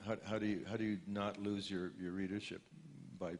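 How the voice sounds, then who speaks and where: A man interviewing an author on a conference stage, asking halting questions with many restarts. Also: on the low side, level tone, a little mellow. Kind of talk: conversation on stage.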